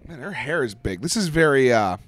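A man co-hosting a casual movie reaction chat, excitable and animated, swearing freely. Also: medium pitch, a little fast, no room sound, soft background music.

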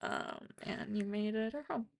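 A woman's voice: mid-range voice, measured pace, gravelly. A young woman co-hosting a podcast in casual, rambling chat full of fillers. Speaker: podcast co-host.

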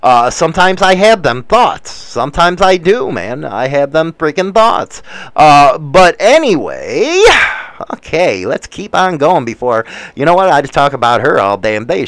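A man hosts a loose, casual live show, jumping between the news and crude, wisecracking rants. His voice is smooth and clear and sits a bit high. The sound is dry and close. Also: a bit bright, no room sound. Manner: rambling, profane, wisecracking. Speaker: show host reading the news.

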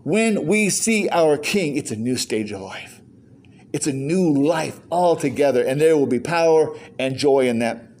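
A man's voice: on the high side, lively intonation, unhurried, darkish tone, slight background noise. An older man preaching a sermon as pastor, firing rhetorical questions with joking asides.

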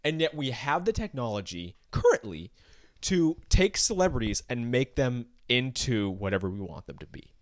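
A man co-hosting a casual celebrity gossip podcast, joking and conspiratorial, telling animated stories. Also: mid-range voice, moderate pace, no echo, studio quality. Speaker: podcast co-host.

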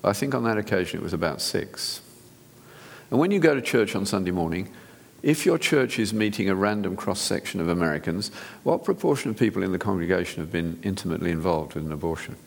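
A man's voice: deep voice, animated, quick pace, gravelly, in a large hall. A man, a physician, giving an earnest, direct sermon-style talk to an audience, often restarting his sentences. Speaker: physician speaker.

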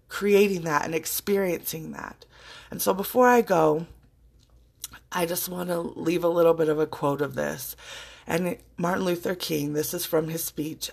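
A woman's voice: on the low side, vocal fry, slightly rough. An earnest woman speaks straight to her listeners in a loose, motivational monologue. She is choked up with emotion, yet she stays heartfelt and drops casual swear words as she talks. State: choking up with emotion. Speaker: podcast host.

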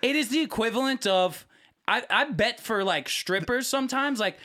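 A man in his thirties chatting casually as a podcast co-host, an animated storyteller who swears freely and acts out quotes. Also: very high-pitched, normal speed. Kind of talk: casual chat.

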